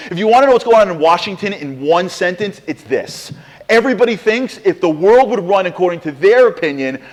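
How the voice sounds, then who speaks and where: A man giving an inspirational lecture with humor, an animated storyteller who fires off rhetorical questions to the audience in a large lecture hall. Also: high voice. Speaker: speaker. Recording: long hall reverb.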